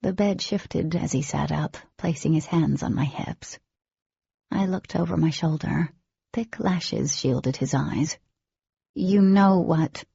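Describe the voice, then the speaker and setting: A woman narrating an audiobook in first person, with an expressive reading and a husky, creaky voice. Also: deep voice, measured pace, no room sound, lo-fi sound.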